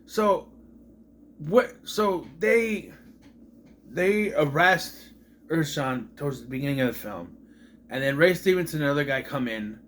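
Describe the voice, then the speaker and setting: A man gives a casual, sarcastic movie review that swings between exasperated rants and dry asides. His voice sits a little high and moves around with lively pitch. A faint background ambience runs under the recording. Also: unhurried, long pauses, slight background noise.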